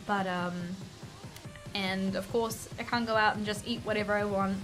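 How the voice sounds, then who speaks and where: A woman's voice: medium pitch, steady tone, moderate pace, music in the background. A young woman, vlogging in a chatty storytelling way and acting out quoted lines. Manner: chatty storytelling, acts out quotes with bright swings. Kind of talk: casual chat to camera.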